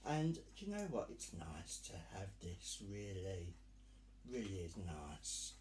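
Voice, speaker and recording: A man's voice: sits low, big pitch swings, slow pace, a little mellow, echoey room, slight background noise. A man performing as a drag act, hosting in a camp, theatrical manner and calling the audience dear and darling. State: sweltering in costume. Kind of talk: live virtual Pride stage address.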